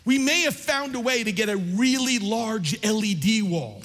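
High-voiced preacher man, hall reverb. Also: expressive, moderate pace, fairly bright tone. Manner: preaching with rising fervor, rhetorical questions. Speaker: pastor. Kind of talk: sermon. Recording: long reverb of a large hall.

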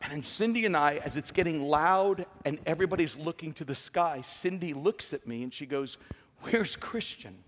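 A man's voice: a little high, fairly quick, few pauses, slight background noise. A middle-aged man preaching a sermon, telling a story with emphatic repetition. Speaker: pastor. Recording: long hall reverb.

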